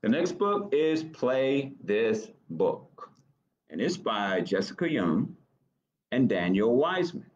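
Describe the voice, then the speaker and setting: A man's voice: medium pitch, very animated, slow, highs cut off, slight background noise. A man hosting a library storytime, reading picture books aloud to children and asking them questions. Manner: gentle, engaging, asks kids questions.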